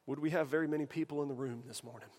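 A man's voice: fairly high pitch, steady tone, racing, darkish tone. A man preaching a sermon in a conversational way, asking the room rhetorical questions. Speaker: pastor. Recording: long hall reverb.

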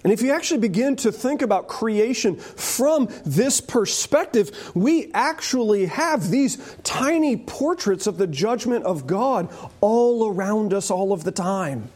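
A man preaching a sermon with animated delivery and joking asides. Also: sits high, measured pace.

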